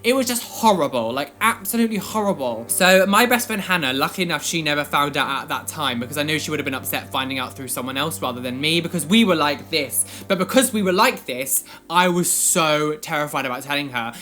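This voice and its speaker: A young man in his twenties, a vlogger telling a personal story in an animated, rambling way full of fillers. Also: on the high side, fairly quick, few pauses, soft background music.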